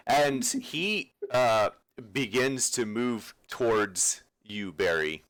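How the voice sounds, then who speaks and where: A man's voice: medium pitch, expressive, takes it slowly, fairly bright tone. A man running a tabletop game as dungeon master, laughing often and talking in a loose, rambling way.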